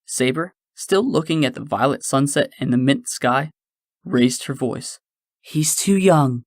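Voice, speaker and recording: A man narrates a science-fiction audiobook with measured, steady storytelling. His mid-range voice is recorded close in a dry space with no room sound. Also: mid-range voice, no echo.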